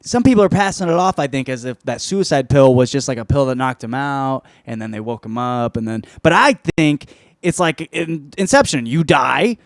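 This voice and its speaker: A podcast host reviews a film in loose, rambling chat, swearing freely and interrupting himself with restarts. His medium-pitched voice is animated at a moderate pace, recorded in studio quality with no echo.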